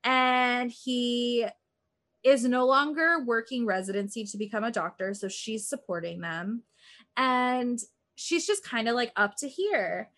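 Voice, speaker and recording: She has a fairly high, fairly bright voice and talks a little slowly. Co-hosting a podcast, this woman casually rambles through a true-crime episode, full of "like" and dramatized quotes.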